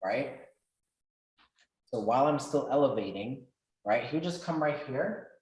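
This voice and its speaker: A man giving a workshop talk, telling a personal story in a lively, animated way and acting out the dialogue. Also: a little slow. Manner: animated, acts out quoted dialogue with rising pitch and loudness. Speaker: workshop speaker. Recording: roomy echo.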